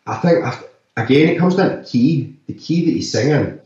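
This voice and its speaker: An actor and musician talking loosely in an interview, full of "like" and "sort of" fillers. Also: male voice, mid-range voice, animated, normal speed, dark tone. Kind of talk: casual interview talk. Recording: echoey, distant, slightly dull remote audio.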